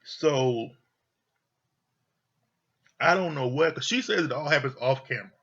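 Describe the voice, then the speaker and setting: A man's voice: medium pitch, a little slow, vocal fry, bright, forceful tone, husky. A man giving casual, opinionated commentary on a reality show, blunt and profane, often repeating himself. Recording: dull lo-fi audio.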